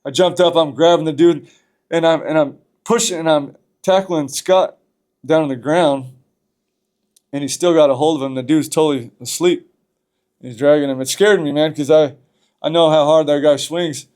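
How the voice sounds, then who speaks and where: A man's voice: fairly high pitch, moderate pace, darkish tone, clean tone. Loose-talking man telling a street story. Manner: profane and loose, heavy on "bro" and "man". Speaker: podcast guest. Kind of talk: casual storytelling.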